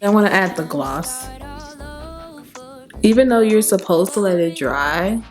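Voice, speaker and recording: A young woman vlogging at home while she does her makeup, chatty and animated, her voice a little raspy and tired. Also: lowish voice, a little slow, over music. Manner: chatty and animated, with bursts of faith talk. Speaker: beauty vlogger. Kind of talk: casual chat while doing makeup. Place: home, new apartment.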